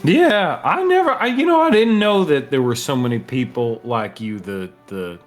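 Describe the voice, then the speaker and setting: A man voicing an earnest, halting male companion who speaks warmly about nature. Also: mid-range voice, sing-song, faint music behind, natural voice.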